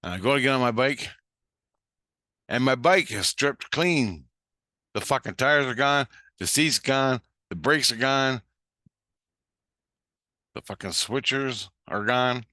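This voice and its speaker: A man's voice: mid-range voice, animated, takes it slowly, long pauses, bright, forceful tone, dry recording, studio quality. A man telling a story in a blunt, heated way, swearing constantly. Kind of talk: casual storytelling.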